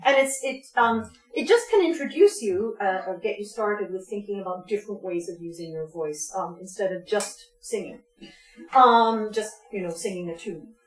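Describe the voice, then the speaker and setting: A woman at a mid pitch leads a relaxed vocal workshop, full of ums and little laughs. She breaks off now and then to sing short demonstrations. The room is echoey and roomy. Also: normal speed, faint music behind. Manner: chatty, laughs often, many ums, demonstrates sounds. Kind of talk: informal teaching talk with sung demonstrations. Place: community music space, roomy.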